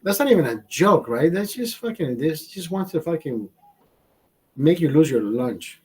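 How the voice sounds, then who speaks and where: A man's voice: fairly high pitch, very animated, normal speed, darkish tone, slightly rough. A man hosting a casual livestream, rambling and swearing constantly while chatting with viewers. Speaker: livestream host. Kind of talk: casual profane livestream chat. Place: home setup in California.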